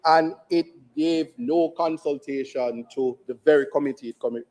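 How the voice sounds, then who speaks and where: An opposition member of Jamaica's parliament delivers a forceful, rhetorical speech in the chamber, repeating lines to drive his points home. His voice is fairly high, and he speaks at a normal speed.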